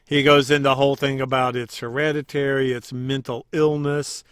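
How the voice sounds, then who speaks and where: A man co-hosting a podcast, chatting casually as he recaps scenes and acts out quick quoted lines. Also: mid-range voice, little pitch movement, a bit bright, smooth. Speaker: podcast co-host.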